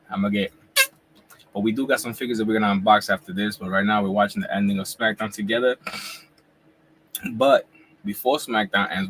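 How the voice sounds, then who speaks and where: A man in his forties with a fairly low voice chats about wrestling in loose, slangy talk, sometimes through a mouthful of food. It is a casual live reaction stream from home, with a faint hum underneath. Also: a bit bright, rough recording. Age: 40s. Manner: laid-back slangy talk, eating while talking. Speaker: wrestling YouTuber host.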